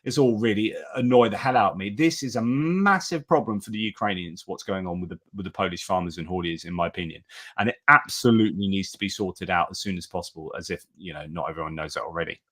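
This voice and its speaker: A man's voice: low-pitched, fast, fairly bright tone. A man hosting a casual news commentary stream, talking chattily with restarts and asides. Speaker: host.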